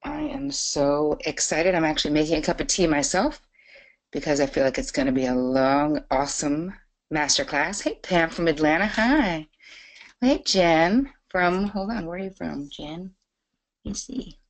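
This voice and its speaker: Bubbly lady host on a live webinar, lowish voice, chats away to viewers. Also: lively intonation, moderate pace. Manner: bubbly, chatty, greeting viewers by name.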